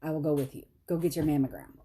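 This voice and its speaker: A woman's voice: fast talker, warm tone, husky. A woman, telling a story to her viewers in a chatty, self-deprecating way. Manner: chatty, self-deprecating, laughs often, quotes others in high voices. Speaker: vlogger.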